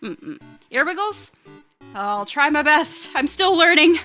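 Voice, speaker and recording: A woman's voice: sits high, big pitch swings, slow pace, bright, forceful tone, faint music behind. A young woman streaming a playful, casual self-introduction at a desktop mic, giggling and chatting with her viewers. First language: English. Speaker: VTuber streamer.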